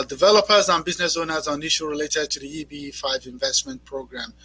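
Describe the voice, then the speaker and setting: A middle-aged man opening a conference panel as moderator, speaking in a halting way with many fillers and repeated words. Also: fairly high pitch, pushed and bright, rough recording. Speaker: panel moderator and expo organizer.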